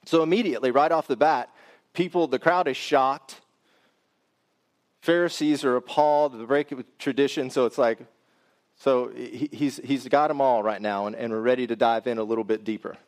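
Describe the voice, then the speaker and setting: A man's voice: medium pitch, fairly even intonation, normal speed. A man preaching a sermon, reading scripture and then explaining it in a conversational way that speaks directly to the congregation.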